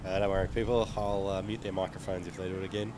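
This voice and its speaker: A man's voice: low voice, flat delivery, quick pace. A man doing wry, teasing live co-commentary at a local cricket match. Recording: outdoor stream with background noise.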